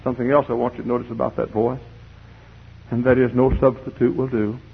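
A man preaching a fiery sermon in church, swinging from hushed pleading to shouting. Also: mid-range voice, flat delivery, fast talker, gravelly, husky. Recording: dull lo-fi tape recording.

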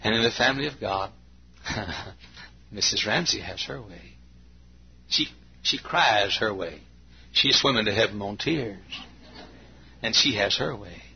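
Folksy preacher guy in his 50s, gravelly and raspy, kinda muffled old recording. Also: lively intonation, measured pace, pauses often, a little hiss or hum. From Texas. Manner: folksy, acts out anecdotes with bursts of high imitation and laughter. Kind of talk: sermon.

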